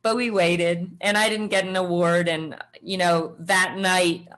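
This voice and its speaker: Middle-aged woman guest, lower voice, lively storyteller, plays the other voices in her story. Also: a little slow. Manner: animated storyteller acting out quoted voices. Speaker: guest, former triathlete. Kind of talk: storytelling interview answer.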